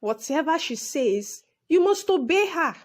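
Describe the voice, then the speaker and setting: A woman voicing a harsh rich woman who shouts orders at her maid. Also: high voice, very animated, unhurried. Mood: bossy. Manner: shouting, scornful.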